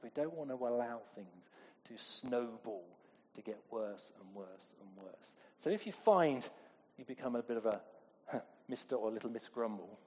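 A man's voice: mid-range voice, a little mellow. Middle-aged male preacher, conversational and questioning, long hall reverb. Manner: conversational, asks the congregation questions. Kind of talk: sermon.

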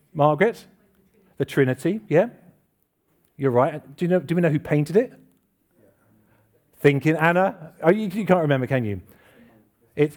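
A slightly high, somewhat mellow male voice carries an easygoing church sermon. He chats with the congregation in the hall, asking them things and making fun of himself.

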